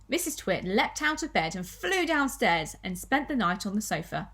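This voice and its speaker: A woman primary school teacher reading a children's story aloud with expressive storytelling. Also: medium pitch, moderate pace.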